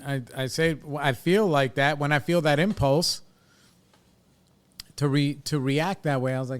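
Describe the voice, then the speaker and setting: Unhurried and smooth, this fairly high-pitched voice leaves long pauses. The speaker, a podcast host in his forties in recovery, talks candidly and casually, reflective and blunt, and swears freely while working through his thoughts.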